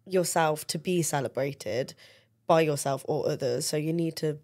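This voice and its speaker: A woman's voice: low-pitched, normal speed, darkish tone. A woman chatting as a guest on her brother's podcast, supportive and full of "like". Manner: supportive, giggly, fillers of "like". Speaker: podcast guest, host's sister. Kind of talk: casual chat.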